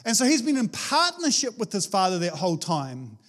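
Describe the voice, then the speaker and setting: A male preacher giving a casual, conversational sermon, animated and chatty, with frequent restarts. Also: high-pitched, brisk.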